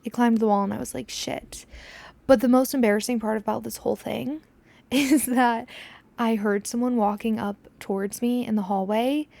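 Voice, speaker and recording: A woman's voice: a little high, steady tone, moderate pace, creaky, a little mellow. A young woman hosting a podcast, telling a story in casual chat, swearing freely and dropping to a whisper when she acts out scenes. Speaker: podcast host.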